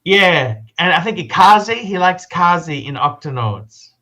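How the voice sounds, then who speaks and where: A man's voice: high voice, expressive, measured pace, sharp tone. A middle-aged man in casual livestream chat, blunt and swearing. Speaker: livestream guest.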